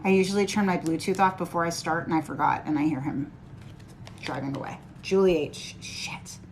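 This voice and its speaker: A woman's voice: on the low side, a little fast, slight background noise. A woman giving a live-stream tarot reading, reassuring and chatty with her viewers. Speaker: tarot reader.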